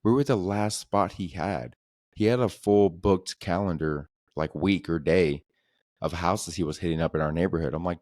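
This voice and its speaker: Deep-voiced young man telling stories. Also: normal speed, a little mellow, dry recording, clean studio sound. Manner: laid-back, profane, says "dude" constantly. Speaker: podcast host. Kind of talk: casual comedic storytelling.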